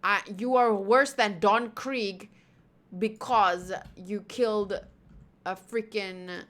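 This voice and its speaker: A woman's voice: mid-range voice, takes it slowly. A woman reading a manga aloud and commenting in a playful, profane, outraged way. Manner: animated, swearing, playfully outraged. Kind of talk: casual manga readthrough with commentary.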